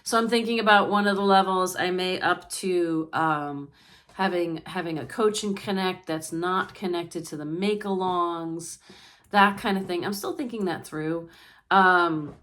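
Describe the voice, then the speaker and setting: A woman's voice: fairly low pitch, a bit bright. A woman, chatting casually to viewers about her crafting plans, rambling with lots of fillers and restarts. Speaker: yarn shop owner and crafting vlogger. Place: indoors at home.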